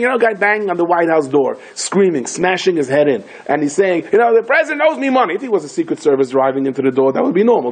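A man, a rabbi with an American accent peppered with Yiddish and Hebrew, giving a lively Torah lecture and acting out the story's voices. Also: on the high side, breathy edge. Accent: American English with Yiddish and Hebrew words.

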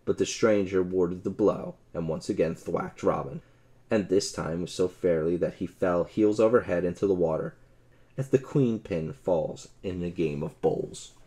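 A man narrating an old adventure audiobook with expressive storytelling. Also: low voice, normal speed.

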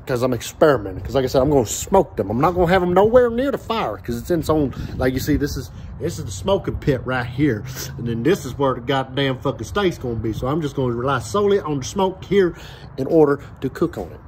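Brief: young man vlogging outdoors, a foul-mouthed rambling rant, animated pitch. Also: a little hiss or hum. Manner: angry, profane, rambling. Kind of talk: profane ranting vlog. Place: outdoors by a backyard grill.

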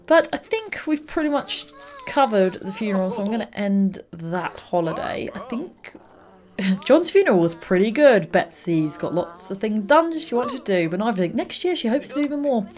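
A woman's voice: mid-range voice, sing-song, normal speed, a little mellow. A young woman hosting a let's play, chatting and reacting aloud to the game with frequent little laughs. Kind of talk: gameplay commentary.

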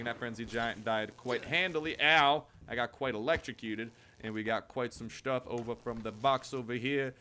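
A man's voice: medium pitch, fairly bright tone, slight background noise. Goofy young man commenting on gameplay. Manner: goofy, chatty, talks to enemies. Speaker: gaming YouTuber.

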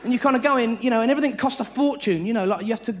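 A middle-aged man doing a frantic live stand-up routine, breaking into sudden high yelps, on a large theatre stage. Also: rapid-fire, noisy background. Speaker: stand-up comedian. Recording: live theatre audio with loud audience laughter.

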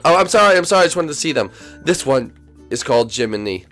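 A young man hosting a Minecraft role-play, excitable and swinging from loud shouts to mumbled asides. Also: medium pitch, quick pace, soft background music. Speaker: YouTube host and role-player.

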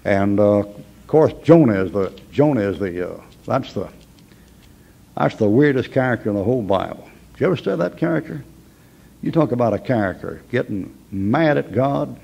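A man's voice: medium pitch, lively intonation, brisk, gravelly, dull audio. A man teaching a Bible class in a folksy, emphatic way, with chuckling asides.

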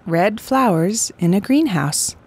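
A woman narrating simple picture descriptions for an English lesson, saying words clearly and repeating them. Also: mid-range voice, lively intonation, slow, a little mellow. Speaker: English teacher.

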